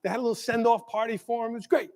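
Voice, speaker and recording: A man giving a motivational keynote as a school leader, telling a story with animated energy and checking in with the crowd with constant "right?"s. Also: very high voice, racing. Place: large conference hall. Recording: long hall reverb.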